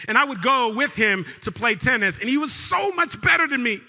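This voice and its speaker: Bright, booming motivational keynote man. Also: fairly quick. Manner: energetic call-and-response with the crowd; storytelling with big swings between loud and hushed. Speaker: keynote speaker. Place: large event hall. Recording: live hall with long reverb.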